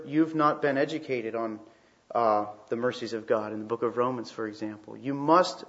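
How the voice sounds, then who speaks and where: Emphatic preacher man, lo-fi sound. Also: mid-range voice. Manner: emphatic, with rhetorical questions and repeated phrases. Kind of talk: sermon. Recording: slightly dull, lo-fi sound.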